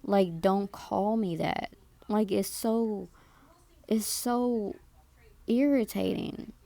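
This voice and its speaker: Woman, 20s, vlogger; slow, gravelly delivery, indignant and repetitive storytelling, close and dry sound. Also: mid-range voice, mellow, no echo. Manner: indignant, repeats herself with "like" and "okay?". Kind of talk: casual storytelling to camera.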